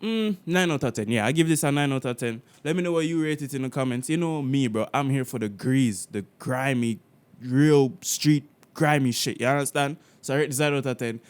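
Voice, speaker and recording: A man from Jamaica hosting a casual music reaction video. He is animated and slangy, with frequent swearing and laughter. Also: medium pitch, a little fast, clean tone. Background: the reacted song playing faintly.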